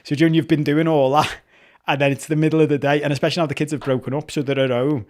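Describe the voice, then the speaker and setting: A man's voice: on the high side, fast. Sweary Liverpool man in his forties. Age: 40s. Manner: sweary, lively storytelling. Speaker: podcast co-host. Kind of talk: casual chat.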